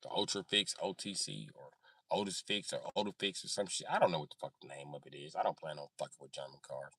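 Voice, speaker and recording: A man's voice: very deep voice, animated, quick pace, a bit bright, husky, dry recording. A man chatting on a livestream, joking and cursing in a rambling way. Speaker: livestream host. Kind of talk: casual livestream chat.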